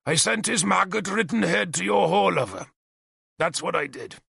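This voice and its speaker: A man voicing a cruel, vengeful one-armed warlord king who shouts and snarls threats in an audiobook. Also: sits high, expressive, normal speed, gravelly, slightly rough, no echo, studio quality, voice pushed up, full character voice. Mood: furious.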